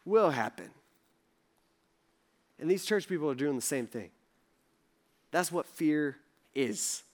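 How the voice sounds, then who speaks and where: A man's voice: sits high, fairly bright tone. A young man giving a casual sermon, telling stories in a chatty way, acting out people's words with lots of fillers. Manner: chatty, acts out characters in quotes, lots of fillers. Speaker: pastor.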